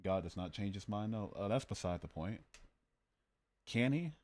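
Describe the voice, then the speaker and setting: A man's voice: fairly low pitch, lively intonation, moderate pace, a little mellow. A man hosting a casual livestream, arguing about morality and joking as he reads out his chat. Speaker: livestream host.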